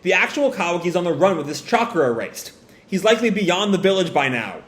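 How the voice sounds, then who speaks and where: A man's voice: sits high, big pitch swings, brisk, pitched above the performer's own voice. A man voicing a brash teenage ninja boy, raising his voice and pushing hard on the lines. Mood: insistent. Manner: raised, pushy delivery. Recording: roomy echo.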